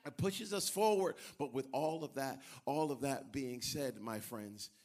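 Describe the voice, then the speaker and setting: A middle-aged man preaching a sermon as pastor in a church, animated and acting out the voices of people in his stories. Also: medium pitch, measured pace. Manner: animated, acts out voices of others. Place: church sanctuary.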